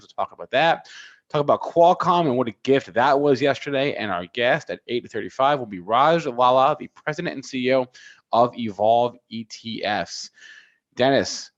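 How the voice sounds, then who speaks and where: A man hosting a live trading talk show, running through market headlines in a brisk, businesslike way. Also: mid-range voice, muffled recording. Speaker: show host.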